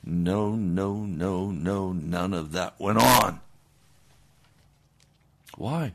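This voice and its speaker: A man preaching a sermon, swinging between loud declarations and hushed, low passages. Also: drawn-out words.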